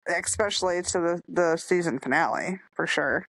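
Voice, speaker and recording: A woman co-hosting a casual podcast chat, talking excitedly and expressively, often laughing. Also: on the low side, moderate pace, no echo. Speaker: podcast co-host.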